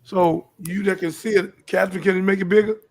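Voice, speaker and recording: An older man with a high, gravelly voice talks on his live show in a preachy, repetitive way. His lines often climb into pleading questions. He comes from Houston, Texas. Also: steady tone, brisk. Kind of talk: preachy live-stream talk.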